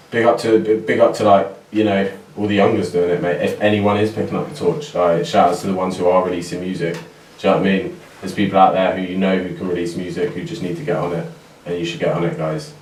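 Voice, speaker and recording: Slangy rapper, low voice. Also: male voice, a little fast. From England. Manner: animated storytelling, heavy slang and swearing. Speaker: guest rapper. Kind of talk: casual chat. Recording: roomy distant recording, faint noise.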